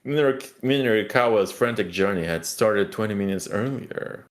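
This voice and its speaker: A man narrating a story game aloud in a relaxed way, with joking asides to a co-player. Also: on the low side, moderate pace. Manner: easygoing, jokey asides. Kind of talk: casual game read-along narration.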